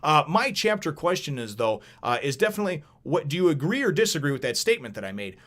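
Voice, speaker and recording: Fast-talking man rambling through a review. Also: fairly high pitch, big pitch swings, a bit bright. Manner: rambling, profane, chatty. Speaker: manga reviewer. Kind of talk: casual review vlog.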